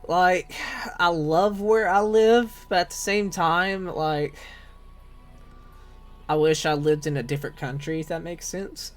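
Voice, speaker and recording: A man's voice: fairly high pitch, measured pace. A man from Tennessee with a Southern accent, chatting loosely and swearing casually on a live game stream. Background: game music.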